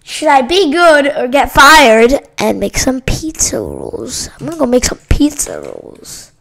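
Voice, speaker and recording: A woman's voice: high-pitched, wildly swooping pitch, unhurried, gravelly, fairly bright tone. A female gamer talking through a silly role-play game in a playful, goofy way. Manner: playful, goofy, jumps between put-on voices.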